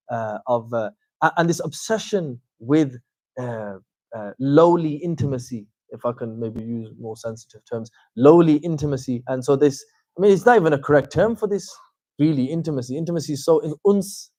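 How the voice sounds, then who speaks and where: A man giving an informal religious lecture as a teacher, animated and conversational, with frequent fillers and wry asides. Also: on the high side, dry recording. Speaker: Islamic teacher giving a talk.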